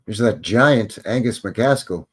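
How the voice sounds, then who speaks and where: A man's voice: fairly low pitch, expressive, a little slow, husky. A man hosting a live stream, talking casually over old photos with joking, rambling, wry asides. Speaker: livestream host.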